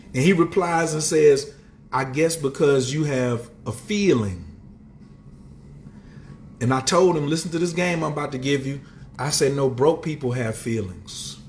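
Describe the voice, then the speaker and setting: A man hosting a casual motivational livestream, talking in streetwise slang and greeting viewers in the chat. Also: a little hiss or hum. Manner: animated, swings up and down in pitch. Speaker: livestream host and motivational speaker.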